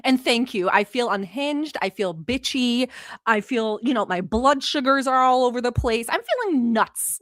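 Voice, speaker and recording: A giddy woman from the Middle East hosts a casual livestream, and English is not her first language. She sits close to the mic in a dry, deadened space, her voice pitched fairly high. She is playful and crude, swearing as she reads chat comments aloud. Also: animated, moderate pace, fairly bright tone, no room sound. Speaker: livestream host.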